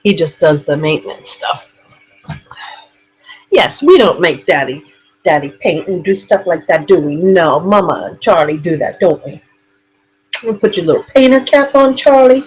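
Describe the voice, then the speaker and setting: A woman hosting a relaxed live paranormal chat from a room in her home, rambling and chatty. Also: fairly low pitch, normal speed, breathy edge, low-quality recording. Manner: rambling, chatty, laughs often.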